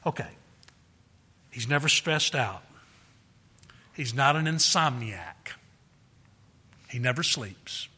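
A man's voice: medium pitch, animated, slow, long pauses, sharp tone, husky, big-room sound. A man preaching a sermon in an earnest way, often repeating words and raising his voice to act out quotes. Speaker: pastor.

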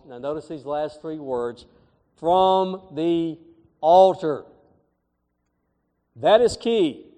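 A middle-aged man preaching a sermon as pastor, with emphatic, swelling phrases. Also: on the high side. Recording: long hall reverb.

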